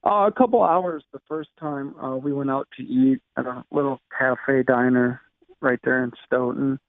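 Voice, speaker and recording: Man in his thirties, halting speech, lots of fillers, gravelly edge, thin phone-like dry sound. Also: medium pitch, fairly even intonation, dry recording. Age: 30s. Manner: halting, many fillers and restarts. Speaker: guest. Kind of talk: personal storytelling interview.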